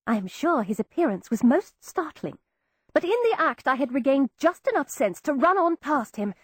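A woman reading a first-person audiobook in an expressive, wry storytelling manner. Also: high voice, moderate pace, no echo, clean studio sound. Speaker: audiobook narrator. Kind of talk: scripted first-person narration.

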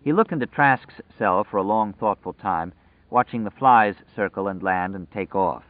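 A man with a fairly low voice reads a novel aloud in a measured, dramatic way. The recording is dry with no room sound and has a thin, phone-like tinniness. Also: no room sound. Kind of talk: audiobook narration.

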